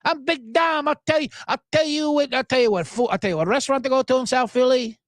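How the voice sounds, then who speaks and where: A man's voice: extremely high pitch, quick pace, no echo, voice pushed up. A man putting on the voice of a brash, burly male security guard with blustering tough-guy bravado.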